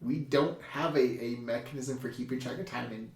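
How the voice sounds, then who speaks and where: In an echoey room recorded from a distant mic, a young male podcast host chats casually and tells lively stories. He belts out acted-out quotes and laughs a lot, speaking at a moderate pace in a mid-range voice.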